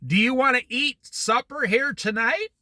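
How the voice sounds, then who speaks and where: A man's voice: very high-pitched, normal speed, sharp tone, dry recording, voice pushed up, heavily acted. A man voicing his older mother, a sarcastic woman teasing her grown son in a mock-sweet tone.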